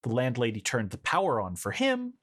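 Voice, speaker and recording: Lively sardonic podcast co-host, a man. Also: mid-range voice, fairly quick. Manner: lively, sardonic, laughs often. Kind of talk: casual movie-recap chat.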